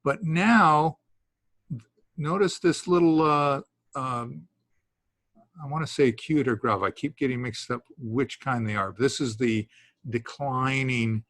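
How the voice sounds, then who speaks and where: A man's voice: mid-range voice, slow pace, a bit bright, no echo. A man teaching a Greek class to students in the room, rambling and stopping to restart his sentences, with the odd chuckle. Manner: rambling, self-interrupting, with chuckles. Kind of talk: classroom lesson.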